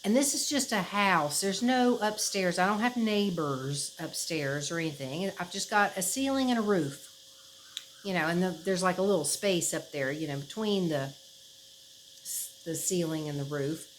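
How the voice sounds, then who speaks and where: A woman's voice: on the low side, expressive, moderate pace, slight background noise, rough recording. A woman chatting casually to her camera at home, rambling with fillers and laughs. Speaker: vlogger. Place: her house, indoors.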